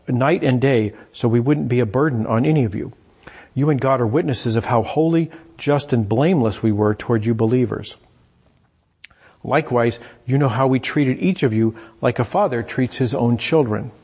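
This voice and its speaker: A man's voice: medium pitch, darkish tone, slightly rough. A man preaching a sermon in a conversational way, paraphrasing scripture and often repeating words as he restarts his sentences.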